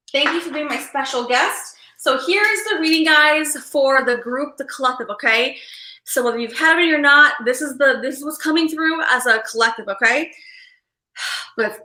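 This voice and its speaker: A woman hosting a live collective tarot reading, excitable and rambling, who keeps checking in with her listeners. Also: high-pitched, roomy sound, low-quality recording. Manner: excitable and rambling, with frequent "okay?" and "right?" check-ins. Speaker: tarot reader and livestream host.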